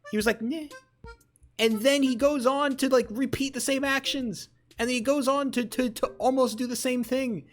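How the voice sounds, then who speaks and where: A young man chatting on a live stream, rambling and excitable with lots of swearing. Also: very high voice, moderate pace, hardly any pauses, faint music behind. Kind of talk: casual live-stream chat.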